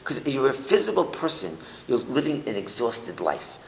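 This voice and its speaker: A man giving a Torah class, animated, asking rhetorical questions and restating his points to the room. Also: mid-range voice, normal speed, vocal fry. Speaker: Torah teacher. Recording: echoey hall with faint hiss.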